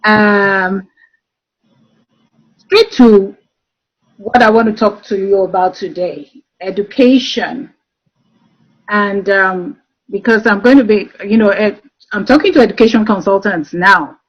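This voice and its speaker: A woman's voice: medium pitch, takes it slowly, pauses often, slightly rough. A woman giving an online presentation to education consultants, telling stories with frequent "um" fillers. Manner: warm storytelling with frequent um fillers. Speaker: speaker. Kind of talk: webinar presentation. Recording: dull lo-fi online call audio.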